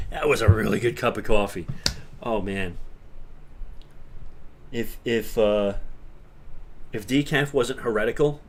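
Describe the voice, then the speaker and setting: A man's voice: mid-range voice, takes it slowly, pauses often, a little hiss or hum. A man hosting a casual livestream, rambling and laughing as he answers chat questions. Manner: chatty with frequent restarts. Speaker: livestream host.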